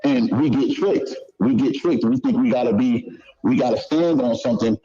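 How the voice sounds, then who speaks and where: Husky guy with a mellow voice, swears a lot, dull lo-fi clip sound. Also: mid-range voice, moderate pace. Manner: swearing, repetitive street talk. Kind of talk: casual storytelling.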